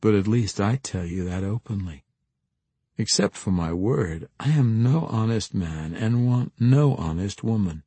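A man's voice: lowish voice, expressive, a little slow, dark tone, husky, no room sound. A man voicing a sly charming rogue. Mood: teasing.

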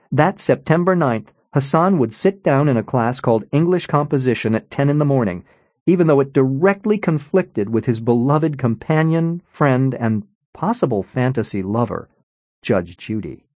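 A man narrating an audiobook in an expressive storytelling manner, on a close studio mic. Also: medium pitch, dry recording. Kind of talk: scripted narration.

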